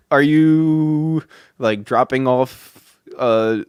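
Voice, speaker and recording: A man voicing a puzzled school principal who questions a student in a flat, baffled way. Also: medium pitch, drawn-out words, smooth, no room sound, studio quality. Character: puzzled middle-aged male school principal.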